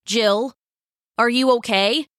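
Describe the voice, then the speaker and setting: A woman voicing a kind, gentle teenage boy friend in an audiobook, speaking with concern. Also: fairly high pitch, takes it slowly, no echo, studio quality.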